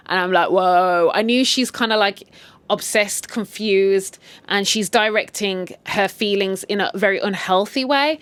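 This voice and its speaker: A woman's voice: mid-range voice, a bit bright, no room sound. A woman casually retelling a drama series in a chatty, candid way, often saying "like". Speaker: series recap host.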